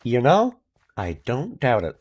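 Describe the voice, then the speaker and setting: Guy streamer just rambling, lots of likes and restarts, middle pitch, casual chat. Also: huge pitch swings, a little slow, a little mellow.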